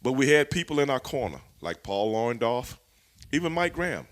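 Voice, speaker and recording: Animated, profane man telling wrestling stories. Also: medium pitch, normal speed. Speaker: interview guest, former wrestler. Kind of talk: storytelling in a shoot interview.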